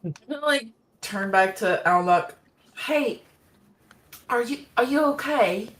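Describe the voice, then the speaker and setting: A woman's voice: on the high side, lively intonation, measured pace, a bit bright. A woman playing in a tabletop game, eager and chatty. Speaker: player. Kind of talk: casual tabletop play.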